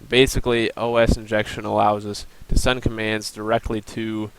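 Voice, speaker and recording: Young male student presenter, lowish creaky voice, plain explanatory delivery for a recorded screen demo. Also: level tone, normal speed, background noise. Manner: plain explanatory, walks through steps with um and uh.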